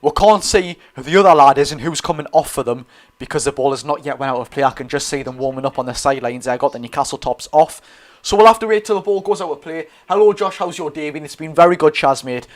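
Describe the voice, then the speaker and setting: A man's voice: a little high, fast talker. A young Geordie man giving chatty live commentary on a football match and answering his viewers' chat. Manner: chatty, reads out live chat and reacts to play. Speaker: football watch-along streamer.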